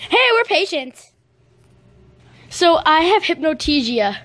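A woman voicing a dramatic, excitable young princess who bursts out shrilly and rambles to herself. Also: high-pitched, slow pace, heavily acted.

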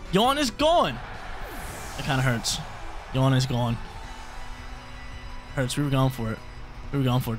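A young man giving live commentary on his own competitive game match, thinking aloud, reacting excitedly and repeating his phrases. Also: mid-range voice. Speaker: gaming YouTuber. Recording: faint background music.

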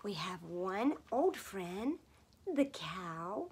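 A woman leading a gentle music and sign-language lesson for small children, speaking softly and slowly, often dropping to a whisper. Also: fairly high pitch, expressive. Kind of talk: gentle teaching for toddlers.

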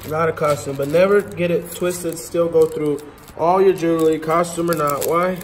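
A man's voice: fairly high pitch, steady tone, normal speed, slight background noise. A man hosting a casual vlog as he goes through storage unit finds, talking in a joking, teasing way. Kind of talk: casual chat.

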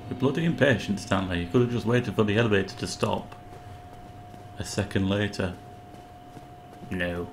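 A man with a fairly low voice, chatting playfully through a game session and greeting the characters he meets. His asides are loose and jokey, like idle commentary to himself. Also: normal speed, long pauses, noisy background. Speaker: gamer. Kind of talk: let's play commentary.

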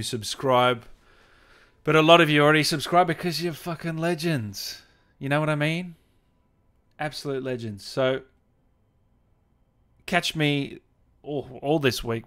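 A man's voice: medium pitch, a bit bright, smooth. A man hosting a gaming livestream interview, chatting casually, reading out viewer comments and laughing often.

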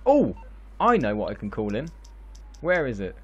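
A man, excitably narrating gameplay and laughing constantly between exclamations and swearing. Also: medium pitch, moderate pace, slightly rough, lo-fi sound. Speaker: gaming video host. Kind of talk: excitable live gameplay chat.

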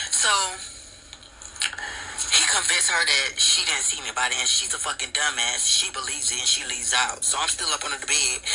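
A man telling a story in a casual, profane and animated way, acting out the lines of the people in it. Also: a little high, slight background noise, rough recording. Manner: profane, animated retelling with quoted dialogue.

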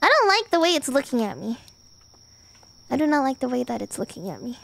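Young woman, game streamer, very high voice, lively and bouncy pitch, playful, swears freely. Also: a little fast, creaky. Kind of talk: casual game streaming chat.

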